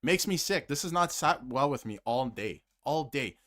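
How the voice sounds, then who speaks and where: A man hosting a solo sports stream in a heated, emphatic rant. His pitch swings widely as he jumps from loud outbursts to low, muttered asides. He keeps repeating phrases to hammer his point home. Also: expressive, moderate pace. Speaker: sports commentary host. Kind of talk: fired-up solo hockey rant to camera, reading super chats.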